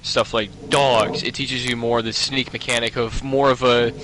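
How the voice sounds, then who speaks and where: A man's voice: mid-range voice, level tone, normal speed, fairly bright tone, slight background noise, poor audio. A man co-hosting a casual gaming chat, rambling with many fillers and restarts. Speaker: podcast co-host.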